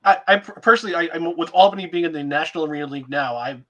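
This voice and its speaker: A man hosting a sports podcast, talking in a relaxed, friendly and somewhat hesitant way. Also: a little high, racing. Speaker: podcast host. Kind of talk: casual podcast chat.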